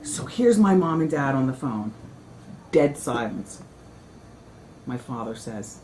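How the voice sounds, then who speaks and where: A woman's voice: very deep voice, lively intonation, slow, pauses often, darkish tone, slight background noise. Chatty woman talk show host. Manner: chatty, rambling, peppered with "you know" and "like"; candid, dramatic storytelling. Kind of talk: casual after-show chat.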